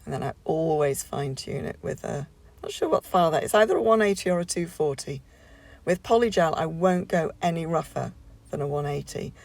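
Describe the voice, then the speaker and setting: Gravelly woman chatting through a tutorial. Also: deep voice, brisk, a little mellow, no echo. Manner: chatty, rambling, many fillers and restarts. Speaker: nail tutorial creator. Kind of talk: casual voiceover tutorial.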